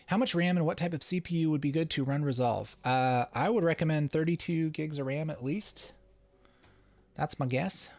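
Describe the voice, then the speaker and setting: A man's voice: fairly high pitch, moderate pace, darkish tone, no room sound. A man hosting a casual livestream Q&A, playful and chuckling often as he reads the chat. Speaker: livestream host.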